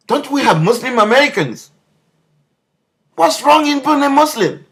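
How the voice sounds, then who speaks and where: A man's voice: extremely high pitch, very animated, moderate pace, long pauses. A man delivering an impassioned political video message, leaning on repeated rhetorical questions. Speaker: political commentator.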